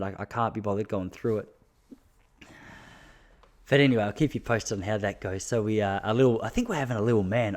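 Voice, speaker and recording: A young Australian podcast host, his voice low-leaning and somewhat dark, tells casual stories solo. He laughs often and keeps poking fun at himself.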